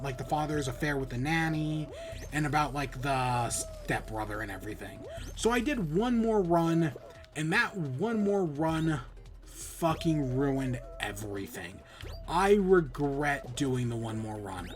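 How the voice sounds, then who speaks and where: A man on a podcast retelling a game's plot in a loose, rambling way. He swears freely and stumbles through restarts. His voice sits a bit high for a man. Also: a little slow. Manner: rambling, profane, animated retelling with many restarts. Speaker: podcast host. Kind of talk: casual spoilery game review.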